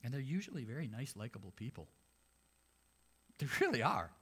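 A man's voice: mid-range voice, big pitch swings, a little fast, fairly bright tone, husky. A male pastor preaching a sermon in an everyday, mid-range voice. He talks to his listeners like he is having a conversation with them. Now and then he drops in sarcastic remarks.

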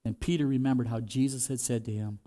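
A man's voice: medium pitch, steady tone, fast talker, mellow. Man preaching a conversational sermon. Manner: conversational preaching, acts out quoted voices. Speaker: pastor.

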